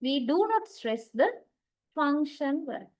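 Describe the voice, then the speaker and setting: Woman, lecturer, slightly high pitch, patient, repetitive, online class, computer mic. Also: lively intonation, takes it slowly, low-quality recording. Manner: patient, repeats key points, frequent "okay" and "right". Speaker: English linguistics lecturer.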